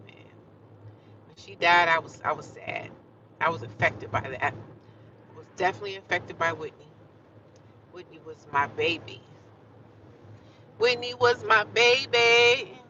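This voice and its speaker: A woman chatting on a livestream, encouraging and preachy, talking straight to her viewers. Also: deep voice. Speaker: livestreamer sharing her life. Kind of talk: casual motivational livestream chat. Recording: distant, dull mic with loud traffic noise.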